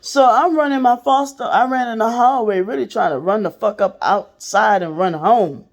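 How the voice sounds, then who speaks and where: Her voice sits on the high side and moves at a moderate pace. Hosting her podcast, this woman tells her listeners a personal story with casual, profane candor, addressing them directly.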